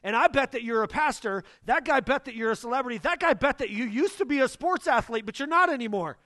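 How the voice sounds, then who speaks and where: A young male pastor preaching with a high, light voice. He tells his stories in an animated way and acts out the dialogue. The sound is dry and close. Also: fast talker, no room sound. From Northern US. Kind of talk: sermon with personal stories.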